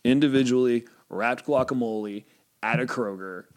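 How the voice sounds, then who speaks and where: A man co-hosting a podcast, chatting casually in profane, animated banter that swings between loud rants and mutters. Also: medium pitch, moderate pace. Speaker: podcast co-host.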